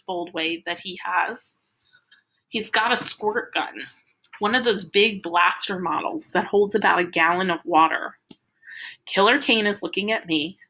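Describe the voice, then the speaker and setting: Brief: woman audiobook narrator, bright, clear tone, dramatic first-person reading. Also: lowish voice, rough recording. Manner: vivid, dramatic storytelling. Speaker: audiobook reader.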